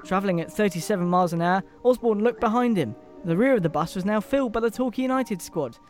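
A man's voice: high-pitched, lively intonation, fast talker, soft background music. An English man co-hosting a podcast, reading a comic Christmas story aloud with dramatic delivery and putting on the characters' voices. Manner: reads dramatically, breaking off into laughter and asides.

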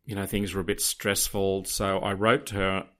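A man, telling a dramatic personal story to podcast listeners in a casual, animated way. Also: low-pitched, normal speed.

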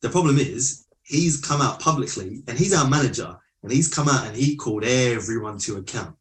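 A man's voice: medium pitch, animated, fairly quick, fairly bright tone. Blunt, swearing man on a podcast. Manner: blunt, profane. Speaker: podcast co-host. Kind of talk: casual chat.

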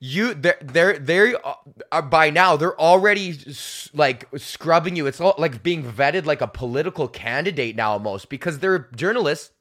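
On his own podcast, a young male comic rambles through a solo rant and swears freely. He laughs at his own jokes and slips into mocking voices for the people he quotes. His bright, forceful voice sits on the high side and is expressive, at a normal speed.

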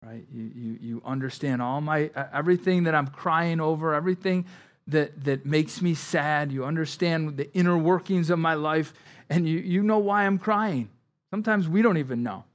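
Conversational preacher, fairly high voice. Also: male voice, moderate pace. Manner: conversational preaching, with frequent "like" and "right?" asides and repeated words; drops his voice low and quiet on somber lines, rises louder on emphasis. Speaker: pastor. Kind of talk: sermon.

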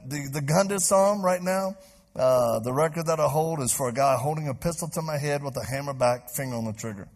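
Gravelly, husky-voiced preacher man. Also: mid-range voice. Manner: animated, acts out voices in stories. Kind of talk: sermon storytelling. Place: church stage before a live crowd.

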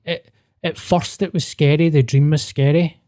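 A man's voice: fairly high pitch, fairly even intonation, moderate pace, warm tone. A man co-hosting a podcast, telling a story in a casual, sweary way and acting out the dialogue. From Scotland. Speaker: podcast co-host.

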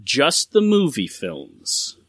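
A man hosting a casual trivia game among friends, reading out questions and multiple-choice answers deliberately. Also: mid-range voice, huge pitch swings, a bit bright. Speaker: trivia quiz host. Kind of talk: casual game-show chat.

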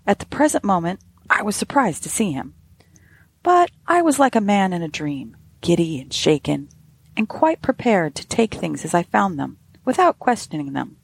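A woman hosting a podcast, reading a ghost story aloud in a measured, softly breathy way. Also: fairly low pitch, sing-song, no room sound.

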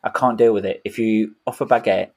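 A man's voice: lowish voice, fairly even intonation, fairly quick, a little mellow. A man co-hosting a podcast, tipsy and ranting with mock outrage in casual chat. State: drunk. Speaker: podcast co-host.

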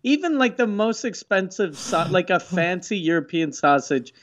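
A man with a slightly high voice talks loosely on a podcast, cursing often and acting out little quoted exchanges as he tells a story. The sound is a bit dull and lo-fi. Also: animated, moderate pace. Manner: profane, storytelling with quoted asides. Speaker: podcast co-host. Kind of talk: casual chat.

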